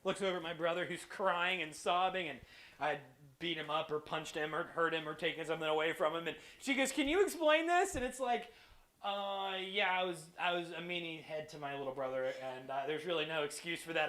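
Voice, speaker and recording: A man giving a lively children's church sermon, telling stories and acting out voices. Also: a little high, brisk. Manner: animated storyteller, acts out voices. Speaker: kids church preacher.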